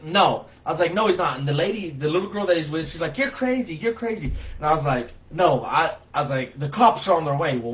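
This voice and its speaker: Animated storytelling man, slightly high voice. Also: poor audio. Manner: animated, loud when reenacting his own words, colloquial with "y'all". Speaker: vlogger telling a personal story. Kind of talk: casual spoken storytelling.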